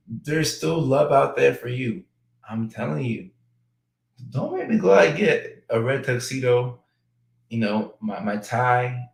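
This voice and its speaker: A man with a mid-range voice and a gravelly, creaky edge chats as a guest on a talk show. He jokes around, then slows into halting, searching answers, and his voice carries a noticeable room echo. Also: medium pitch. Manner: playful and joking, drifting into halting, hesitant talk. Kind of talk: casual chat.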